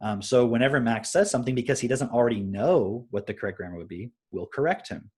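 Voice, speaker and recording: A young adult man with a slightly husky voice talks casually on a live stream. He explains things through everyday stories, often pausing to ask "right?". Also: medium pitch, darkish tone. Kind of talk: casual parenting talk.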